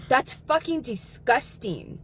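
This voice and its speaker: A woman's voice: a little high, very animated, slow pace, fairly bright tone, a little hiss or hum, poor audio. A woman talking angrily and emphatically on a livestream, swearing often as she vents. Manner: angry, profane, emphatic. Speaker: guest. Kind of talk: heated livestream talk.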